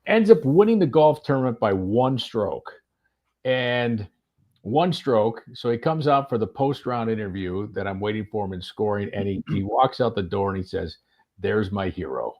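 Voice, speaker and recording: A man casually telling a golf anecdote on a podcast, animated, with plenty of fillers and restarts. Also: fairly low pitch, moderate pace, dull audio. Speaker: golf radio reporter and podcast guest. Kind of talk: casual storytelling chat.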